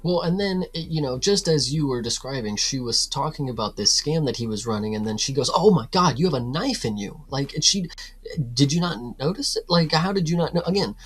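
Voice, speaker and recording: A man's voice: medium pitch, expressive, a little fast, fairly bright tone, husky. A man co-hosting a casual film review, ranting in a profane, incredulous way.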